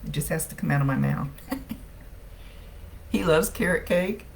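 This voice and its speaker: A woman talking through a live psychic reading in a relaxed, chatty way. Her voice carries a gravelly fry, and she laughs often. A faint noise sits under her voice. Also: low voice, normal speed. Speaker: psychic medium. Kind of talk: live-streamed reading, casual chat.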